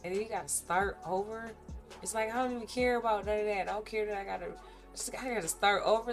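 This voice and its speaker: Over music, a woman talks fast in a medium-pitched voice while she day trades live. The stream is a casual chat with viewers, and she's open and lively about her wins and losses.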